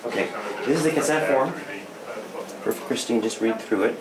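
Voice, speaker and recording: A man working as a surgeon, calmly walking a family through an operation, halting and repeating words as he explains. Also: medium pitch, crowd noise. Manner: halting, repeats words, calm and matter-of-fact. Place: hospital.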